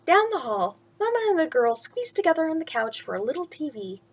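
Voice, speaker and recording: Speaking a little fast in a high voice, a woman reads a picture book aloud for bedtime. She's animated and laughs frequently, drawing attention to the pictures with casual asides.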